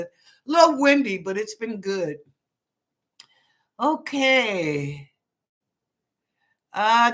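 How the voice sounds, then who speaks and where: On a live psychic stream, a female psychic reader and host speaks in a high-leaning, bright, forceful voice. She keeps things chatty and says hello to viewers by name one at a time.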